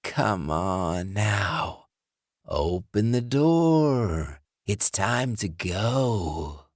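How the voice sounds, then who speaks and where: A man voicing a rotting undead ex-boyfriend with a croaking, death-rattle voice, slow and menacing. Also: on the low side, big pitch swings, dry recording, studio quality, exaggerated voice. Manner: slow, drawn-out, sing-song menace.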